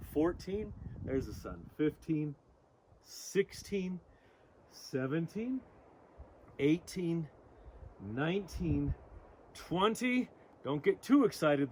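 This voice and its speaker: A man's voice: a little high, a little mellow, slight background noise. A man leading an outdoor abs workout, counting reps and cueing breaths with upbeat energy. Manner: upbeat, coaching, cues breathing. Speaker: fitness instructor. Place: outdoors among rocks.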